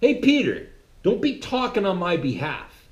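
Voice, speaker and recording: A man's voice: high-pitched, wildly swooping pitch, a little slow, muffled recording, voice pushed up, exaggerated voice. A man voicing Jesus as a stern master who lectures and scolds a disciple. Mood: stern scolding. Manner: lecturing, indignant. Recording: roomy echo.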